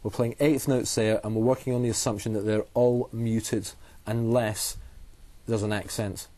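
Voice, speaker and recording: A man's voice: on the low side, fairly even intonation, moderate pace, dark tone. A man, a guitar teacher explaining technique patiently and methodically, often repeating key phrases.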